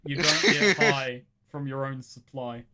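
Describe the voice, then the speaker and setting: A man's voice: medium pitch, expressive, measured pace. A man playing a tabletop game, explaining and joking casually. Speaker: player.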